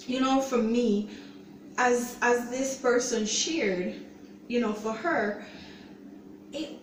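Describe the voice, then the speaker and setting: A woman hosting her own show, giving an earnest, halting personal testimony and often saying "you know". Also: fairly high pitch, slight background noise. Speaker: show host sharing her own story. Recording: roomy echo, voice distant from mic.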